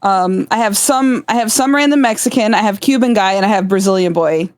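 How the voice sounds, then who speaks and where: A woman's voice: mid-range voice, darkish tone, dry recording. A woman streamer joining the chat, teasing her friend playfully and laughing easily. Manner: teasing, giggly, quick to laugh. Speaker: fellow streamer guest.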